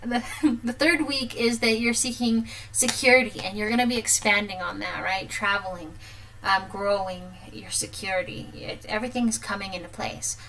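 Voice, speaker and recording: Tarot reader, woman in her 30s, chatty, laughs a lot, mid-pitched voice. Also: steady tone, moderate pace, a bit bright, poor audio. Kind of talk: casual tarot reading.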